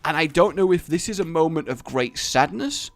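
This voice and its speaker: A man talks over a game in long, joking, rambling tangents. His voice sits a little high and swoops around a lot. The sound is dry and close, with no room around it. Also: animated, moderate pace, creaky, dry recording. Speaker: gaming channel host. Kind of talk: let's play commentary.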